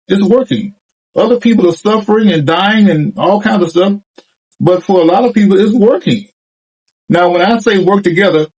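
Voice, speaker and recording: An older man talks through his thoughts in a loose, reflective monologue, circling back and repeating himself. He often restarts his sentences, and his voice sits fairly high for a man. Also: darkish tone, poor audio. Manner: rambling, repetitive, with restarts. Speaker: commentator.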